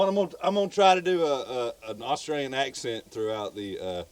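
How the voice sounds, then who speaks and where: A man's voice: medium pitch, expressive, fairly quick, darkish tone, no echo. A Southern man co-hosting a podcast, telling a true crime story in a loose, rambling way. He stumbles over repeated words and swears freely.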